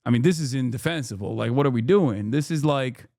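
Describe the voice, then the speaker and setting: A man streaming casual commentary, incredulous and profane, with frequent loud exasperated outbursts. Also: mid-range voice, animated, a little fast, dry recording, clean studio sound. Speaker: streamer reacting to news.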